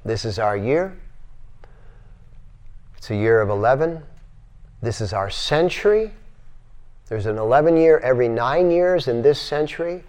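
An older man giving a spiritual lecture to a class in a yoga center, animated and acting out voices as he repeats his phrases. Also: mid-range voice, normal speed, clear, resonant tone.

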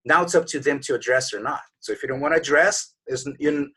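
Husky earnest man in his forties. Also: medium pitch, a little fast, pushed and bright. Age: 40s. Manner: earnest, conversational, acts out his own inner voice. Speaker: podcast guest. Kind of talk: casual motivational storytelling.

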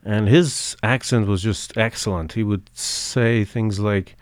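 A man's voice: fairly low pitch, steady tone, no echo, clean studio sound. A man co-hosting a podcast in casual chat, speaking hesitantly with many fillers and restarts. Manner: hesitant, halting, full of fillers. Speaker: podcast co-host.

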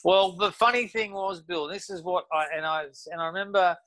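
A man's voice: sits high, fairly quick, a bit bright, no room sound, poor audio. A man with an Australian accent telling stories as a podcast guest, rambling with lots of restarts and fillers. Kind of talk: casual storytelling.

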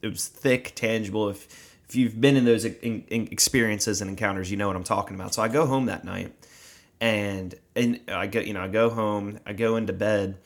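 A young man with a slightly low voice co-hosts a casual faith podcast. He tells his story earnestly and with animation, building it up as he goes and dropping into quiet reflection at moments. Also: steady tone, a little fast. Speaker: podcast co-host.

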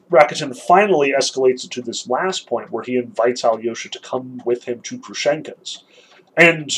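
Husky man giving an earnest literature lecture. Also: fairly high pitch, rough recording. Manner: earnest and emphatic, with frequent restarts.

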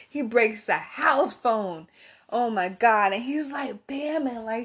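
Speaking to her viewers, a woman tells a personal story in a high, animated, slightly bright voice at an unhurried pace. She's candid and rambling, swearing freely and peppering her talk with "like" and "right?".

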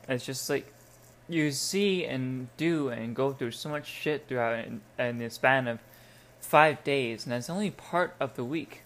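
A woman hosting her own casual podcast, rambling on with frequent swearing and self-mocking asides. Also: a bass voice. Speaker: podcast host.

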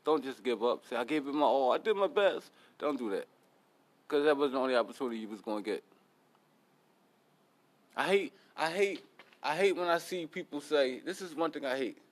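A man's voice: mid-range voice, animated, fairly quick, pauses often. A young man hosting a podcast, talking casually in a blunt, profane, motivational way. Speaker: podcast host.

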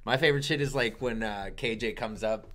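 A man's voice: fairly low pitch, brisk. A man, a stand-up comedian, chatting casually about comedy life, swearing and acting out quoted lines. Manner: profane, animated, acts out quotes. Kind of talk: casual podcast chat.

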